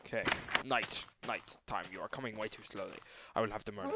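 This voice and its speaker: Young guy doing goofy let's play commentary, lowish voice, noisy mic, game clicks behind. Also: a little fast, hardly any pauses. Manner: goofy mock-grand voice, talking to animals. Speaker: gameplay commentator. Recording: noisy amateur recording.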